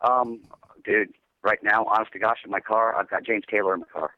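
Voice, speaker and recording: A man's voice: on the low side, fairly even intonation, brisk, dry recording, phone-quality sound. A man, a metal band's singer, chatting casually in an interview and telling rambling laid-back stories full of "dude". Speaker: metal band singer guest.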